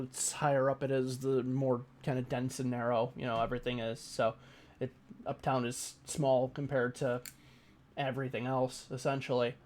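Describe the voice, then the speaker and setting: A man running a tabletop role-playing game as game master, narrating with many pauses and fillers. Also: mid-range voice, a little mellow.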